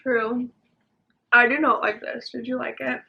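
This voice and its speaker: A young woman hosting a casual mukbang chat at home, talking while she eats, chatty and quick to giggle. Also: a little high, flat delivery, creaky. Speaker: vlogger host. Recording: dull lo-fi sound.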